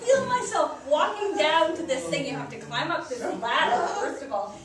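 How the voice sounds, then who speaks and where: A woman with a high, highly expressive voice tells a personal story, laughing as she goes. She sits well back from the mic in a very echoey room. A clear hiss of background noise runs underneath. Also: moderate pace, recorded from a distance. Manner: laughs often while telling a story. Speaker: psychiatrist guest.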